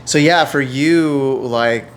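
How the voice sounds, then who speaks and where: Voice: medium pitch, takes it slowly, background noise. A podcast host chatting casually, telling stories with lots of laughter and acted-out quotes. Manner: animated storyteller, laughs often, acts out quotes. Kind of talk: casual interview chat.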